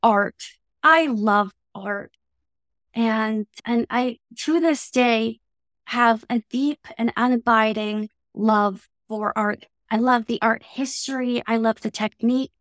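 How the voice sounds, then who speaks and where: Canadian woman interview guest, fairly high voice, measured, reflective, dry close recording. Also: a bit bright, no echo. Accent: Canadian English.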